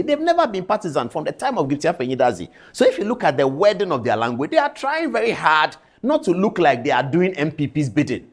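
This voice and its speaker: A man with a Ghanaian accent, a television journalist, giving commentary in a lecturing tone full of indignant rhetorical questions. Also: high voice.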